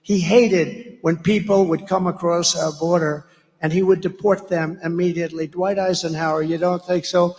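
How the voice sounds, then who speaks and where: Guy giving a rally speech, high-ish voice, blunt and rambly, big echoey hall. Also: fairly even intonation, normal speed, a little mellow. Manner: blunt, rambling, name-calling, with asides to the crowd. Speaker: political candidate. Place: large rally venue.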